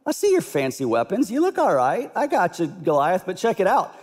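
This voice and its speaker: A man's voice: sits high, wildly swooping pitch, a little fast, a little mellow, exaggerated voice. A man voicing a hot-headed, fearless teenage boy who talks trash, with long hall reverb. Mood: taunting. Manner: brash trash-talking.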